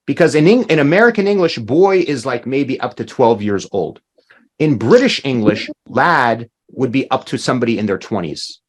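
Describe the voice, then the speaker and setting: Animated man teaching an online class. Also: mid-range voice, normal speed. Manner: explains patiently with many "right?" checks. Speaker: language teacher.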